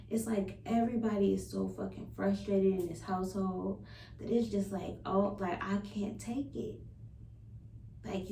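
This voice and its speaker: A young adult woman talking candidly in a personal vlog, frank and expressive and swearing freely. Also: mid-range voice, vocal fry, slight background noise. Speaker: vlogger and spiritual practitioner. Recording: roomy sound from a distant mic with faint ambience.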